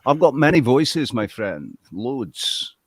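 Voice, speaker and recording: A man in the host seat, bantering, swearing and tossing in "mate" as he riffs. His voice sits at a middling pitch. The sound is close and dry with no room echo. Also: animated, moderate pace. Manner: bantering, swears freely, calls people mate. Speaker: podcast host. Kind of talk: casual chat.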